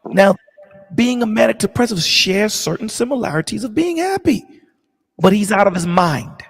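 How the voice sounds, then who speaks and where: A man's voice: high voice, animated, moderate pace, vocal fry, breathy edge, in a large hall. A man in a casual discussion, talking emphatically and repeating his points like a preacher. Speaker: stream co-host.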